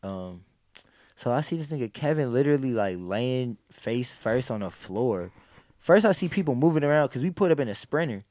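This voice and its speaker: A man's voice: mid-range voice, moderate pace, dry recording. Dude guest on a podcast, loose and slangy, swears a lot, jumps around when he quotes people, dry close sound. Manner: animated, acts out quoted exclamations, heavy slang and swearing. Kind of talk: casual storytelling.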